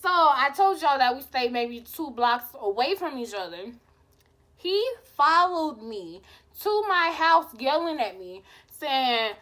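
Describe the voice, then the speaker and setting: A young woman vlogger telling a casual storytime, animated and profane, acting out her own lines. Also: high voice, slow pace.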